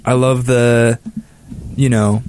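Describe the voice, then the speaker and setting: A man's voice: mid-range voice, little pitch movement, darkish tone, slight background noise. A man on a music podcast panel, talking casually with frequent fillers and restarts. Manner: halting, many fillers and restarts. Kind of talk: casual chat.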